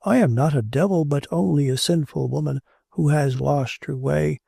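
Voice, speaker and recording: A man's voice: fairly high pitch, moderate pace, creaky, dark tone, slightly rough, no echo, studio quality, full character voice. A man voicing a timid, tender young woman who pleads for shelter, in an audiobook reading. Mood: coaxing.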